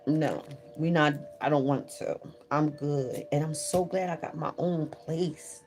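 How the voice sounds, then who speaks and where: A low-voiced woman speaking in talks loosely and emotionally to her livestream viewers. She is grieving, and her speech is full of slang and asides. A faint hum sits under her voice. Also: steady tone, unhurried, hardly any pauses, a little mellow. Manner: talkative, emotional, informal slang. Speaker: livestream host. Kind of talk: casual livestream storytelling.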